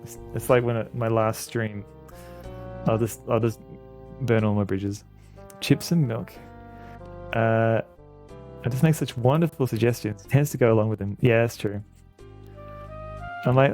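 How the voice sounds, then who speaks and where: A man's voice: mid-range voice, a little slow, long pauses, a little mellow, soft background music. A man streaming a video game, chatting casually and joking at his own expense, often stammering and repeating words. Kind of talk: casual gameplay commentary.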